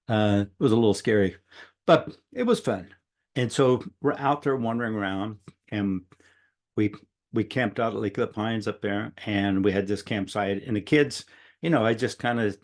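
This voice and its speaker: A middle-aged man telling a long personal story in a casual, rambling way, often quoting what others said. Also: fairly low pitch. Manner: rambling, conversational, quotes others at length. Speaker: speaker sharing a personal story.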